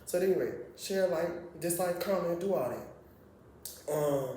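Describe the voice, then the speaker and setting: Man, casual reality TV recap, profane and animated, somewhat high voice, very echoey room, voice far from the mic. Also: slow pace, pauses often, slight background noise. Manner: profane, animated, laughs often. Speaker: reality TV reviewer.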